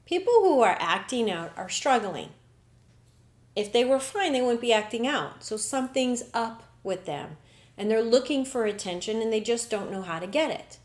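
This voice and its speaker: A woman's voice: fairly high pitch, animated, moderate pace. Earnest woman talking in a roomy space. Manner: earnest, acts out inner dialogue in quoted voices. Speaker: podcast host. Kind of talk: reflective spiritual talk. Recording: roomy echo.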